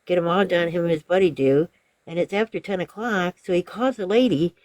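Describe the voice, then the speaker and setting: A woman's voice: lowish voice, brisk, darkish tone, no room sound. A middle-aged woman chatting on a live stream on her phone, telling a funny story and laughing as she goes. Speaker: viewer joining a live stream. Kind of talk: casual storytelling chat.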